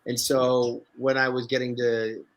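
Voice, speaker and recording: Brief: man from Canada, guest actor, mid pitch, animated and profane storyteller. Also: unhurried, muffled recording. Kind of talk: casual interview storytelling.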